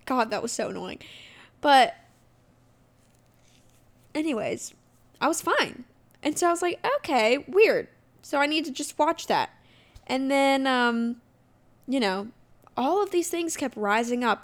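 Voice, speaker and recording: A young woman in her twenties talks straight to her listeners in a relaxed, candid podcast chat, her voice sitting a little high. She keeps up a chatty storytelling flow and slips into lively voices when she quotes herself and others. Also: moderate pace. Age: 20s. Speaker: podcast host. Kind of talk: casual solo podcast chat.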